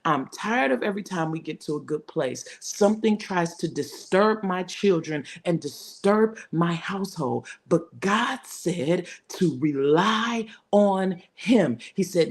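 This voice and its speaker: Fervent woman preaching, lowish voice. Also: animated, a little slow, few pauses. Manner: repetitive call-and-response preaching, building intensity; addresses viewers by name and talks to herself. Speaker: vision coach preaching to a live online audience. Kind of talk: fervent livestream sermon.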